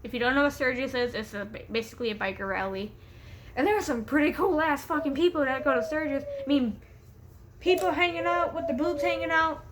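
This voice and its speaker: A woman's voice: sits high, fairly quick, a little hiss or hum. A young woman telling a story in a casual vlog, hyper from caffeine, rambling, laughing often and swearing freely. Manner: giggly, rambling, profane, easily distracted. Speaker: vlogger. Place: home room with a pet bird.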